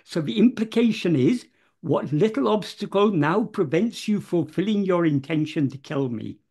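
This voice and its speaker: A man explaining a devotional verse word by word in an unscripted talk, measured and careful, often pausing on fillers and correcting himself. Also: high-pitched, animated, darkish tone, slightly rough.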